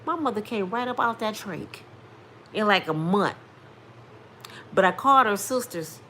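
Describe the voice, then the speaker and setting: A woman's voice: mid-range voice, expressive, unhurried, pushed and bright, a little hiss or hum. A woman in her fifties speaking directly to her viewers, telling a testimony in an emphatic, preacher-like way. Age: 50s. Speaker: vlogger sharing testimony. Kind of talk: casual storytelling testimony.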